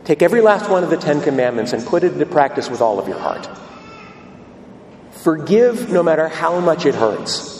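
A man voicing a holy, saintly old priest who speaks gently and gravely. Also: a little high, sing-song, normal speed, slight background noise. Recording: echoey hall from a distance.

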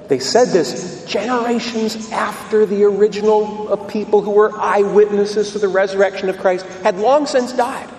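A man's voice: high voice, moderate pace, few pauses, darkish tone, a little hiss or hum. A male priest preaching a sermon in a church, emphatic and storytelling. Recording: echoey hall from a distance.

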